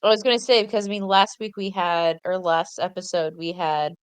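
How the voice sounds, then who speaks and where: A woman's voice: fairly low pitch, flat delivery, fairly quick, clear, resonant tone, dry recording. A woman co-hosting a cartoon recap podcast, chatting with enthusiasm and stopping to correct herself mid-thought. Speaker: podcast co-host. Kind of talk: casual chat.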